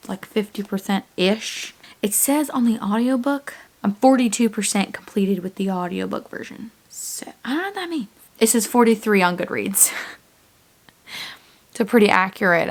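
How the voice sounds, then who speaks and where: A young woman vlogging about her reading in a casual, rambling way, excitable and full of fillers, often dropping to a whisper. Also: on the high side. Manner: excitable, rambling, with many filler words and frequent whispering asides. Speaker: book vlogger.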